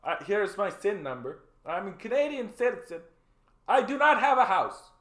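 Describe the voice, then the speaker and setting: A man's voice: high-pitched, very animated, moderate pace, a bit bright, voice pushed up. A man doing a meek, formal citizen. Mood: earnest. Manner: stiff, overly formal and earnest. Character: meek, polite male citizen applying for a home. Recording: roomy echo.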